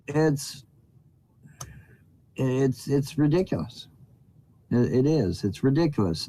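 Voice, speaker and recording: A man's voice: mid-range voice, mellow. A man in a rambling, indignant monologue to camera, swearing freely and often repeating himself and starting over. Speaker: YouTuber. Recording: dull lo-fi recording.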